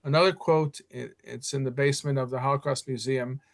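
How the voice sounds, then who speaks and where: An older man from Chicago, a guest historian, telling stories in an animated way in a podcast interview. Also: fairly quick, vocal fry. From Chicago, USA. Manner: animated storyteller, leaps up in pitch when excited.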